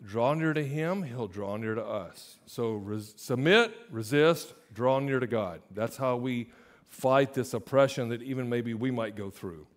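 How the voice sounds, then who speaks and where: A man preaching a sermon as pastor, stressing key phrases and slowing down on them. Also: mid-range voice.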